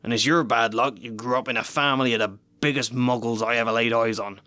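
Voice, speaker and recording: A man's voice: mid-range voice, steady tone, fast, bright, forceful tone, no room sound, natural voice. A man doing a blunt folksy giant.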